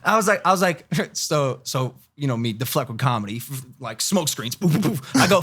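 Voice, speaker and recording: A man in his twenties, a podcast co-host, telling a story in casual chat, animated and laughing, loudly acting out the people in it. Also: mid-range voice, a little fast, few pauses, no room sound, clean studio sound.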